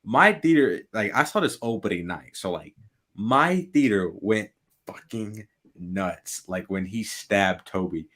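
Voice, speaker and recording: A young man co-hosting a podcast in casual chat, excitable, saying "like" constantly and laughing often. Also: lowish voice, measured pace. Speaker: podcast co-host.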